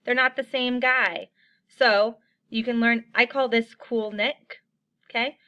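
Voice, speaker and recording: A woman with a fairly high, bright voice leads young children through a lesson. She is upbeat and encouraging and slows right down to chant little rhymes for them to repeat. The recording is muffled and lo-fi. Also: fairly even intonation. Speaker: teacher.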